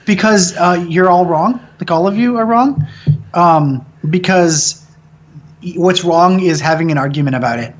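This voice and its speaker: Animated, profane man with a higher voice. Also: a little slow. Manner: animated, profane, opinionated, mocking voices for effect. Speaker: film director and guest. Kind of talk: casual interview chat.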